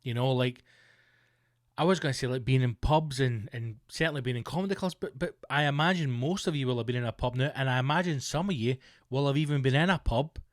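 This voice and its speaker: A man's voice: mid-range voice, quick pace, no room sound, studio quality. A Scottish man hosting his podcast, a comedian rambling through a jokey, self-mocking monologue. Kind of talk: casual comic monologue.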